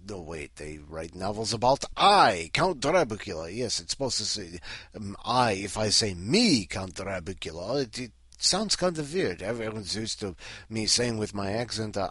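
A man's voice: lowish voice, big pitch swings, unhurried, fairly bright tone, dry recording, clean studio sound. A man hosting in character as Count Dracula, rambling and joking with lots of fillers. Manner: rambling, jokey, full of fillers. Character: Count Dracula, male vampire host, rambling and punning. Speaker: host.

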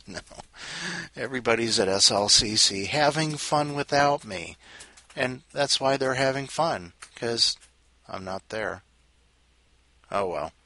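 Husky-voiced man chatting to his cat. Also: lowish voice, pushed and bright. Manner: rambling, playful, jokey asides. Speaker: podcast host. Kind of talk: casual chat, talking to his cat.

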